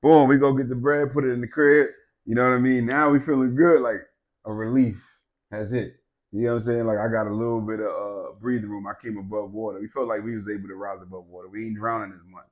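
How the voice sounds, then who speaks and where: A man telling a personal story in casual chat, animated, swearing and laughing, swinging from loud outbursts to low, quiet stretches. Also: fast talker, highs cut off. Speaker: podcast co-host.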